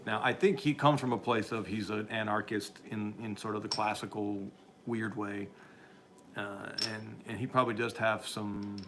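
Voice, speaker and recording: A man's voice: fairly low pitch, steady tone, moderate pace, noisy background. A man hosting a livestream, rambling through opinionated commentary as he reads and answers viewer chat, often restarting sentences and chuckling. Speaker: livestream host reading chat.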